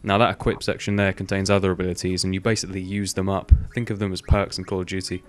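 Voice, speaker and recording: He's a young gaming video host with a deep voice who talks fast in a level tone. His gameplay commentary is loose and rambling, with casual swearing and plenty of "um" and "like."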